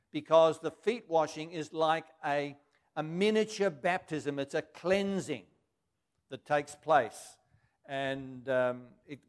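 A man preaching a sermon, reading scripture aloud and then explaining it in plain everyday words. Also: a little high.

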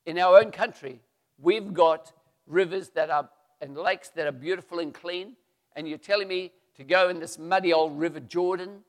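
A man's voice: on the high side, normal speed, big-room sound, natural voice. A man voicing a proud foreign general in a retold Bible story, pleading and then indignant. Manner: pleading, then loud and sulky.

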